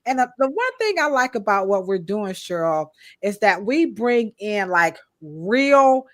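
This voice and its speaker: A woman co-hosting a live-stream podcast, chatting casually and shouting out viewers in the chat by name. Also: mid-range voice, sing-song, unhurried. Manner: casual, slangy American speech. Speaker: podcast co-host.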